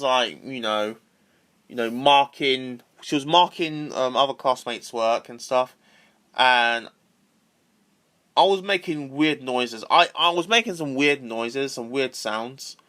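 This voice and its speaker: A man's voice: mid-range voice, expressive, unhurried, a bit bright. A man ranting casually to camera, repetitive and swearing freely. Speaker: vlogger.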